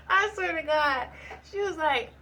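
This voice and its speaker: Woman, casual vlog storytelling, animated, slangy, mid pitch, faint background noise. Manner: animated, slangy, swears, laughs a lot. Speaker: vlogger.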